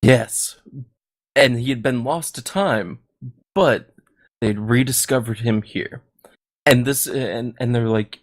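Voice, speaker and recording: A man narrating a comedic tabletop story as game master, halting and laughing at his own jokes. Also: medium pitch.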